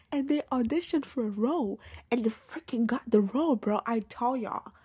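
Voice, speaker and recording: A woman hosting her own podcast in a casual solo chat, animated and slangy, swinging between loud outbursts and hushed asides. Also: mid-range voice, husky. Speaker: podcast host.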